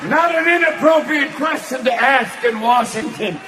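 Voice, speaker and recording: A man doing stand-up comedy on a theater stage into a handheld mic, manic and shouting, jumping between quick character voices. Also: very high voice, background noise. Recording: big hall, loud crowd laughing.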